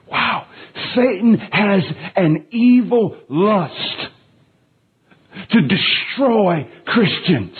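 A man's voice: sits high, husky. A man in his thirties preaching a sermon, telling a story about his young daughter and then building to emphatic, impassioned peaks. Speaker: pastor. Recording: tinny phone-like sound.

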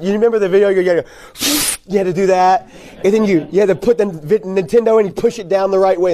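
Animated guy talking to youth leaders at a conference, voice on the higher side, jokey, lots of "right?". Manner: animated, conversational, keeps asking "right?"; jokey, repeats key words for emphasis. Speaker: youth ministry conference speaker. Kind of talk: conference talk to youth workers.

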